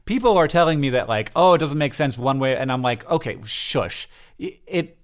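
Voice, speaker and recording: Lively animated podcast co-host, a man. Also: a little high, brisk, clear, resonant tone. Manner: animated, explaining with many fillers. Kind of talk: casual comedic chat.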